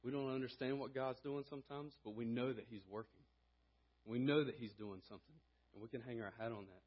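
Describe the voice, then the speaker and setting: A man preaching a sermon in a church, earnest, growing louder as he exhorts. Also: medium pitch, steady tone, fairly quick, breathy edge, dull audio. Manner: earnest, rising in volume when reading and exhorting. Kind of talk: sermon with scripture reading and prayer. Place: church sanctuary.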